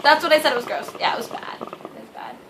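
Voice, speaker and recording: A woman's voice: high-pitched, steady tone, fast talker, background noise. A young woman co-hosting a vlog, chatting casually with wry, laughing asides. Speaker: vlog co-host. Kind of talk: casual chat.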